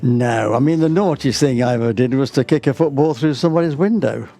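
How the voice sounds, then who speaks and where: An older man chatting politely on a livestream, gently bemused, with old-fashioned turns of phrase. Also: mid-range voice, fairly quick. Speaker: guest, the streamer's father. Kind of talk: casual chat on a charity livestream.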